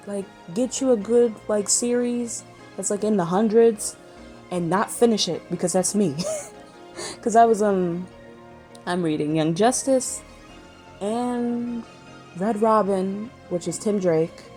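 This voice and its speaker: Rambling woman with a dark, mellow voice. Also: medium pitch, slow pace, long pauses, soft background music. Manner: rambling, swears freely, trails off mid-sentence. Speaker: vlogger. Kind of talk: casual rambling chat.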